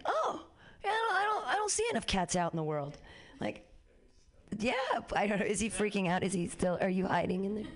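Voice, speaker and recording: A woman performing a rambling stand-up comedy set, jumping into high squeaky voices for the people she quotes.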